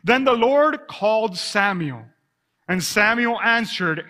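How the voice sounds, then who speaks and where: High, bright-voiced preaching man. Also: slow pace, long reverb tail. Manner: animated preaching, reading scripture aloud. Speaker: pastor. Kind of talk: sermon. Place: church sanctuary.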